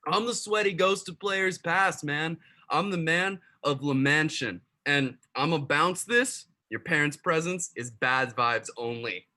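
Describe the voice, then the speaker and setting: Man as drunk ghost bro, bright voice, slangy and loose, webcam sketch. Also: a little high, measured pace, few pauses. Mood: rowdy. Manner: slurring, laid-back slang. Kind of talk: amateur comedy sketch over video call.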